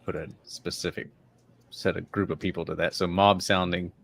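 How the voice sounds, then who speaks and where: A gruff man from Texas who speaks in short, profane remarks. His voice is very low and gravelly with heavy fry. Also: level tone, brisk, no room sound. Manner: gruff, terse, swears. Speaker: podcast co-host. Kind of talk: casual chat.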